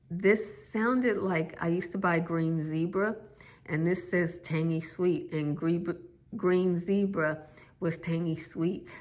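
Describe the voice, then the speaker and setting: A woman gardening vlogger chatting casually and musing aloud, with self-deprecating asides. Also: sits low. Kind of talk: casual chat.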